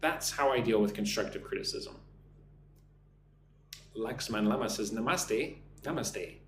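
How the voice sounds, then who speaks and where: A man's voice: on the low side, unhurried, a bit bright, roomy sound, a little hiss or hum. A man teaching English on a live stream, reading chat comments aloud and modeling sample interview answers.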